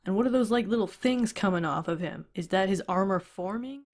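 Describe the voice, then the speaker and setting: Animated woman recapping with laughs. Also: mid-range voice, fairly quick, soft background music. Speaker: host. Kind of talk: casual manga review recap.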